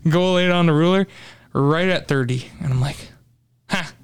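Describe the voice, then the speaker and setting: A young man, a guest angler, excitedly retelling a fishing trip in casual talk, with lots of fillers. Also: on the high side, a little fast, clear, resonant tone. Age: young adult. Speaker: podcast guest, tournament angler. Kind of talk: casual storytelling.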